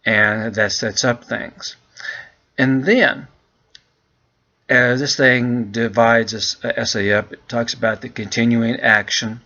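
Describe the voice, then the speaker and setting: A man teaching English, walking students through an essay in a relaxed, chatty way and calling them "guys". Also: mid-range voice, slow, lo-fi sound. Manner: relaxed, chatty, keeps addressing the class as "guys".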